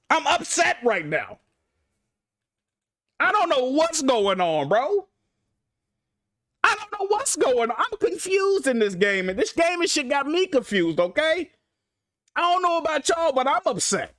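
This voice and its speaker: A young man streaming live about games, ranting in an exasperated, profane way with big swings between loud outbursts and mutters. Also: very high-pitched, no echo, studio quality. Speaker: gaming streamer.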